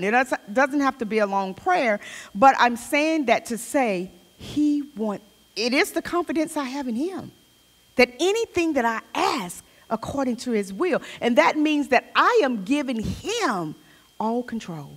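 A woman's voice: high-pitched, big pitch swings, a little slow, a bit bright, big-room sound. A woman leading a Bible study in a chatty, informal way, reading scripture aloud between personal remarks. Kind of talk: conversational Bible study teaching. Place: church hall.

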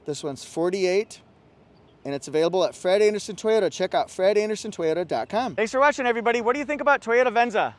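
An upbeat dealership salesman giving a casual car walkaround, his voice sitting notably high for a man. He keeps pointing things out and talking them up in an easygoing, promotional way. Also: lively intonation, quick pace.

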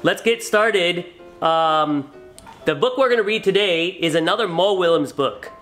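A teacher hosting a children's read-aloud, introducing a picture book in a friendly, lively tone. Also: mid-range voice, moderate pace, low-quality recording. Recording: soft background music.

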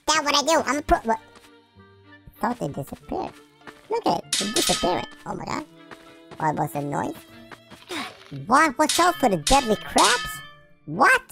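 A goofy, excitable gameplay commentator talking over a game, jumping between shouts and mutters. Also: medium pitch, creaky. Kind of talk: let's-play commentary. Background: game music.

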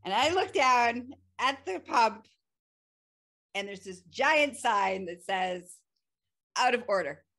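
A woman's voice: a little high, expressive, slow pace, pauses often, fairly bright tone. A woman hosting a podcast, telling an everyday story in a casual, chatty way with frequent laughter and fillers. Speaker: podcast host. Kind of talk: casual solo podcast talk.

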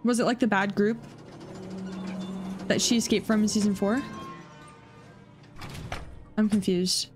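A woman giving casual, excitable reaction commentary on a video game, swearing freely and thinking out loud. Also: medium pitch, measured pace, long pauses, music in the background. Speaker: gaming reaction streamer.

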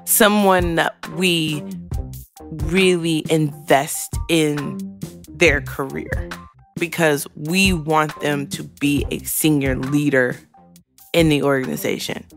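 A female podcast host speaks slowly in a low-pitched, steady voice with vocal fry, soft music in the background. Her candid monologue is frank and emotional, full of free swearing, and she chokes back tears.

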